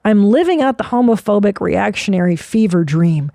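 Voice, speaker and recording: A woman's voice: medium pitch, animated, normal speed, creaky, mellow, no room sound, clean studio sound. A woman in her forties hosting a comedy podcast, riffing in a sarcastic, profane way. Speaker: podcast host.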